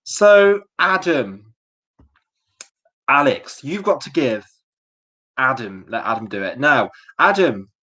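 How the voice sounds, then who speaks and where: A stream host chatting casually and quickly setting up a voice game. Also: medium pitch, very animated, fairly bright tone.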